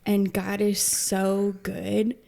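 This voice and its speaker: A woman's voice: medium pitch, completely flat delivery, very slow, gravelly, mellow. A woman from a charity interviewing a recipient, talking effusively and rambling, with lots of filler words. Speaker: charity staff member interviewing. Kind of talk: warm conversational interview.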